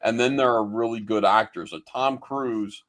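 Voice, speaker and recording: A man in a casual streamed chat, explaining his view in a measured way with hesitant fillers. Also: medium pitch, fairly bright tone.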